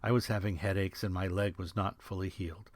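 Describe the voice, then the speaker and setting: A man's voice: deep voice, fairly even intonation, a little fast, no room sound. A man, the author, reading his own novel as first-person audiobook narration with a dry, sardonic manner, recorded on a studio microphone.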